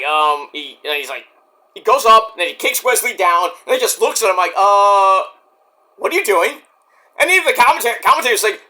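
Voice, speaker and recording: Animated, rambling male wrestling reviewer. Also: sits high. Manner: rambling, profane and digressive. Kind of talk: casual review vlog.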